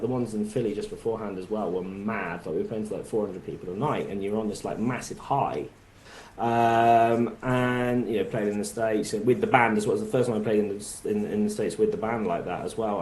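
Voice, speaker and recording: A man with a Bristol accent talks in a lowish voice as an interview guest. He rambles, leaning on fillers as he goes. The room around him sounds echoey. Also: dark tone. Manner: rambling, many verbal fillers. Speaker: musician guest. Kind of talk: casual interview chat.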